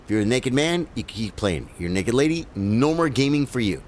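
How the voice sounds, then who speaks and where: A man's voice: mid-range voice, sing-song, a little fast, darkish tone, a little hiss or hum, lightly acted. A man putting on a scolding stern dad. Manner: scolding, repeating no and nope. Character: stern disapproving dad, middle-aged man.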